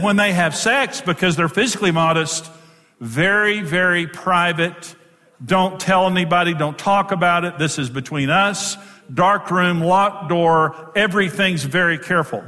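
A man's voice: sits high, normal speed, sharp tone. Joking man lecturing couples in a hall. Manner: jokey, self-deprecating, acts out quotes. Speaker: marriage speaker. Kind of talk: humorous teaching talk to couples. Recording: long reverb of a large hall.

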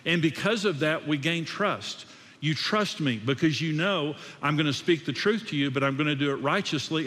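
A man preaching a sermon in a slightly high voice, emphatic and repetitive, often restarting sentences. His words ring out with a long echo in a hall. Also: fairly bright tone. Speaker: pastor.

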